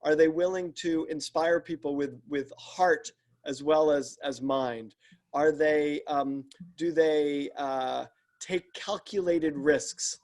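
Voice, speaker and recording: A man's voice: on the high side, fairly even intonation, slow, darkish tone. A man, a leadership coach and podcast guest, explains his work earnestly and step by step, often restarting sentences. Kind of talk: explanatory interview talk.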